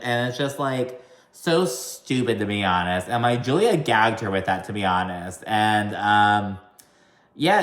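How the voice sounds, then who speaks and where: A man's voice: mid-range voice, a bit bright, roomy sound. A man giving a casual, profane and sassy recap of a reality TV episode, talking to camera. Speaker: recap commentator.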